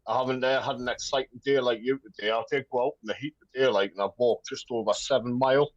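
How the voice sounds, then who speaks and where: A man's voice: mid-range voice, fast talker, no room sound. A man from Bolton, chatting as a guest about football, enthusiastic and often repeating himself. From Bolton, England. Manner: enthusiastic, repeats words when excited. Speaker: guest pundit. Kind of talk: casual football chat. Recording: dull lo-fi dry sound.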